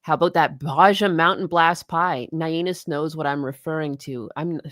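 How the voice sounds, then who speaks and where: A woman's voice: low-pitched, moderate pace, fairly bright tone, dry recording, clean studio sound. A woman co-hosting a live stream, bantering casually, teasing and blunt, laughing often. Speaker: streamer co-host.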